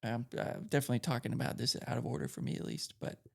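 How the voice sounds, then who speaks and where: A man's voice: medium pitch, big pitch swings, very fast, vocal fry, a little mellow. A man co-hosting a podcast, rambling loosely and conversationally through a recap of a video game. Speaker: podcast co-host.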